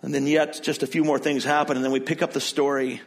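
A man's voice: medium pitch, flat delivery, fast talker. A male pastor preaching a sermon in a conversational way, retelling and explaining the passage with frequent restarts and self-corrections.

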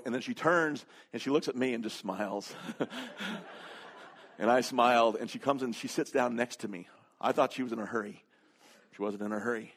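A man's voice: mid-range voice, fairly even intonation, a little fast, a bit bright. A man preaching a sermon, telling a story conversationally, with humor and frequent fillers. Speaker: pastor.

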